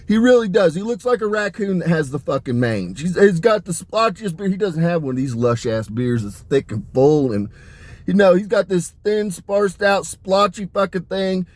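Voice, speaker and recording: Guy with a pretty high voice going off on a crude rambling rant, cussing and cackling. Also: animated, normal speed, a little mellow, no room sound. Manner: crude, swearing, laughing often. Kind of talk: rambling profane monologue.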